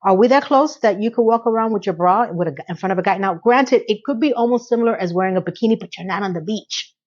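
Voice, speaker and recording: A woman's voice: mid-range voice, fast, muffled recording. A woman giving a casual, sassy TV recap, talking straight to the viewer in a chatty way. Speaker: recap vlogger.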